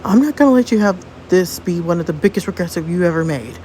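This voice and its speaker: A woman voicing a loyal teenage boy who reassures his friend, excitable at times. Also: fairly low pitch, fast, slight background noise, natural voice. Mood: supportive.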